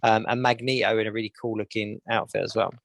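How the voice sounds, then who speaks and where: A man co-hosting a podcast, chatting casually and listing news with many pauses. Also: fairly low pitch, steady tone, gravelly, no room sound. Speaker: podcast co-host. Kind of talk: casual chat.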